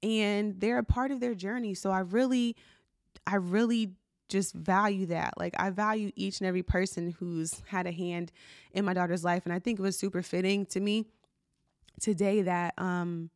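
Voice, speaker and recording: A woman hosts her own podcast, talking casually and from the heart. Her speech is loose and chatty, full of "like" and "you know". Her voice sits at a middle pitch and sounds dry, with no room echo. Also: fairly even intonation, normal speed. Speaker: podcast host. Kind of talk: casual solo podcast talk.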